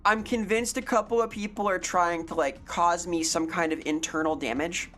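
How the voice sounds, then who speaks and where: Playful low-voiced young woman streamer. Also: fairly even intonation, normal speed, fairly bright tone, faint music behind. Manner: playful, rambling and jokey, reading chat aloud. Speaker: variety streamer. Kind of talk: casual live-stream chat.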